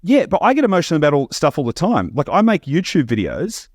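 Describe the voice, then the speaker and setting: A man chatting on a podcast as host, animated and quick, often restarting his sentences. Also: on the high side, dry recording, studio quality. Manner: fast, animated, stumbling restarts. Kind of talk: casual podcast chat.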